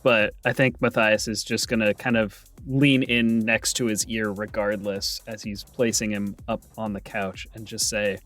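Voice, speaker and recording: A lower-voiced man at a tabletop game who lays out his character's actions in a calm, measured way. Faint music plays behind him. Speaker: player. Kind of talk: casual tabletop play.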